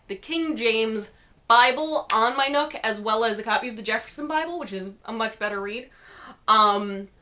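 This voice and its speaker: A woman's voice: high voice, pushed and bright. A young woman vlogger telling a story to camera in a rambling, snarky, casual way.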